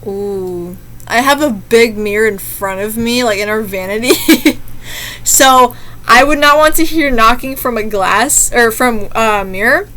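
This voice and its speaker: A woman's voice: on the high side, unhurried, bright, forceful tone. A young woman reading short scary stories and chatting between them in a rambling, easily spooked way. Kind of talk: casual reaction commentary.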